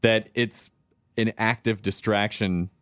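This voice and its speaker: A man's voice: lowish voice, fairly even intonation, slow pace, a bit bright, no echo, studio quality. A man hosting a podcast in a casual chat, rambling and laid-back, laughing often and swearing freely. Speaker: podcast host.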